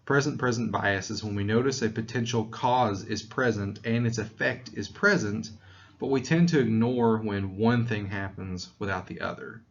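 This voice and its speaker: This recorded psychology lecture comes from a Tennessee man with a slight Southern accent, speaking conversationally with fillers and restarts. His voice is lowish at a moderate pace, and the audio sounds muffled.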